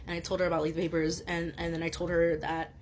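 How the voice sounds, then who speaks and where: A woman's voice: fairly low pitch, completely flat delivery, quick pace, darkish tone, a little hiss or hum. A young woman student telling a story to the camera in a casual, rambling way, with lots of fillers and swearing, getting heated. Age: young adult.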